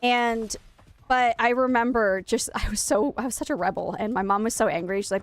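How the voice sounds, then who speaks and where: A woman's voice: a little high, a little fast. A woman in her thirties from Maine, chatting casually and animatedly with her viewers while she plays a game on stream. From Maine, United States. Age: 30s. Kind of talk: casual livestream chat while gaming.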